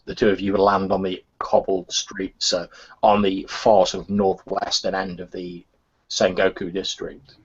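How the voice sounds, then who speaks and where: Low, husky-voiced male game master. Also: unhurried. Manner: relaxed, filler-laden narration. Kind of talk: narrating a tabletop game. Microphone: voice chat. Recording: muffled lo-fi voice chat.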